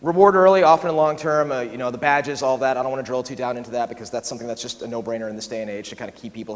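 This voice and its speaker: A man giving a conference talk in a quick, animated way, often acting out quoted asides. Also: mid-range voice. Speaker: conference speaker. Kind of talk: keynote talk. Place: large conference hall. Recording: long reverb of a large hall.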